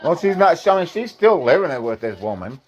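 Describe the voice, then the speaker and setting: A man's voice: a little high, big pitch swings, brisk, dull audio, slight background noise. Hesitant, rambling man. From Indiana, USA. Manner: hesitant, rambling, swears casually. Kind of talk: casual chat.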